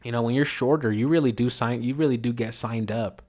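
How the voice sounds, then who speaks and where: A man's voice: medium pitch, a little fast, a little mellow. A man vlogging in a rambling casual monologue, slangy and full of restarts and "you know".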